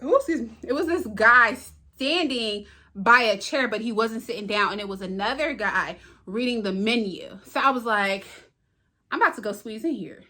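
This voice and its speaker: A young woman with a high, bright, ringing voice tells a casual storytime vlog. She is animated, slips into the voices of the people in her story, and talks right to her viewers. Her delivery is chatty and expressive throughout. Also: normal speed. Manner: animated, acts out dialogue, talks straight to viewers. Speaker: vlogger.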